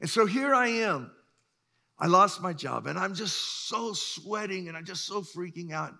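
A pastor in his sixties preaching a sermon, emphatic and swinging between loud bursts and hushed lines. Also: high voice, lively intonation, measured pace, vocal fry. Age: 60s.

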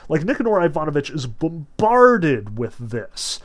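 Here a man with a higher voice is very animated yet unhurried. He gives a laid-back lecture on literature, frequently using "notice" and "like," and reads sections of a novel aloud in a talkative manner.

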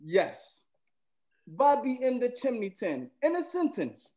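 A man's voice: extremely high pitch, very animated, slow pace, a little mellow, rough recording. A man in casual chat, reading out slang words for friends to guess, giggly and playful.

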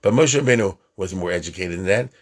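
Husky-voiced man giving a chatty religious lecture. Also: low voice, lively intonation, quick pace. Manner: chatty, checks in with listeners, counts aloud. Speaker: religious teacher.

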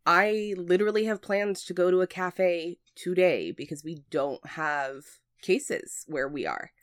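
A woman's voice: lowish voice, lively intonation, unhurried, clear, resonant tone, dry recording, clean studio sound. A woman co-hosting a podcast who chats easily, laughs often and tells stories about her own experiences. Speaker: podcast co-host. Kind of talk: casual podcast chat.

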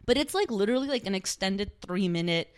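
A woman's voice: medium pitch, animated, fairly quick, clean tone. A young woman co-hosting a casual podcast, rambling through a TV recap with lots of "like" fillers and frequent laughter. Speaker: podcast co-host. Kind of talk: casual chat recapping a TV show.

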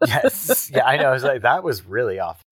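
Giggly, lively-voiced woman podcast co-host. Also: very deep voice, normal speed, breathy edge, dry recording. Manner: giggly, chatty, runs the episode cues. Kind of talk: casual chat.

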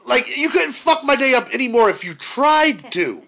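A man's voice: very high voice, very animated, moderate pace, vocal fry, sharp tone. A man telling a profane, exasperated story about his day in casual chat.

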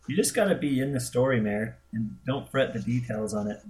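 A man's voice: mid-range voice, fairly quick, darkish tone, poor audio. Teasing man in casual chat. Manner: joking, teasing.

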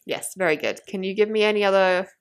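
A woman's voice: medium pitch, fast talker, clean tone. A woman hosting a podcast, teasing and exasperated as she quizzes her co-host. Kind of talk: comic podcast banter.

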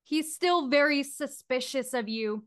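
A woman running a tabletop horror game as game master, narrating with animated, giggly energy. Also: high-pitched, a little slow.

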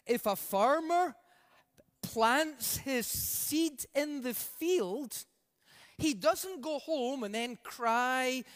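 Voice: medium pitch, long reverb tail. A preacher delivering an emphatic sermon, stretching out key words and leading the congregation in call-outs.

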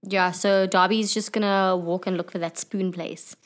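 A woman's voice: medium pitch, fairly even intonation, normal speed. A woman playing in a tabletop game, talking casually and playfully about her character. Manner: playful, laughs. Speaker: player.

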